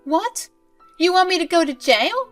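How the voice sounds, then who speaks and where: A woman voicing a spiteful, scheming older grandmother who talks in a shrill, self-pitying, indignant way. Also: very animated, measured pace, a bit bright, soft background music, heavily acted. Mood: shrill pleading.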